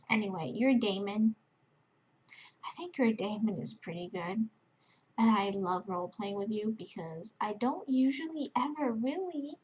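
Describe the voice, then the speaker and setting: Gushing young woman with a husky voice. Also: a little high, rough recording. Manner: gushing, giggly, self-interrupting, with many fillers. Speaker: vlogger giving shout-outs to roleplay friends. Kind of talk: casual rambling chat to camera.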